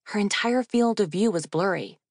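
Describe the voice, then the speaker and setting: A woman narrating an audiobook in a wry, expressive reading. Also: mid-range voice, normal speed, no echo, studio quality. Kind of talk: scripted narration.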